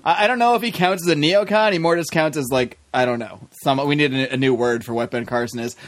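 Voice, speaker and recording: A man's voice: a little high, quick pace. A man hosting a casual political podcast, rambling and joking while drinking. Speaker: podcast host.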